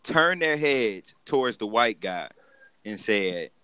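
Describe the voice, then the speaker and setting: Animated, laughing male podcast host. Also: lowish voice, slow pace, clean tone, no echo. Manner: animated storytelling, breaks into laughter. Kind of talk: casual podcast banter.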